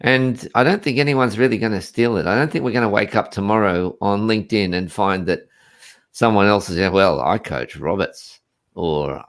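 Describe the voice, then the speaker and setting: A man's voice: lowish voice, moderate pace. A middle-aged man chatting as a guest on a live video call, rambling and laughing easily. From Australia. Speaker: guest, coach. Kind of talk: casual chat on a live stream.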